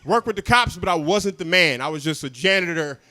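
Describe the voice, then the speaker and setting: Young man, stand-up comedian, fairly high voice, chatty, self-mocking, chuckles at his own lines. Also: animated, brisk, background noise. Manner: chatty, self-mocking, drops to quiet asides; laughs at his own jokes.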